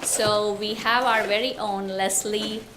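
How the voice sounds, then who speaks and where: A woman's voice: medium pitch, steady tone, takes it slowly, background noise. A woman hosting a community chat, friendly, thanking and introducing speakers. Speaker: event host.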